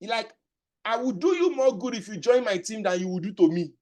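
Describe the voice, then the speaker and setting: A man's voice: high-pitched, lively intonation, a little fast, darkish tone. Emphatic man coaching sales. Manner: emphatic, repeats key phrases, asks rhetorical questions. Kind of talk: motivational training talk.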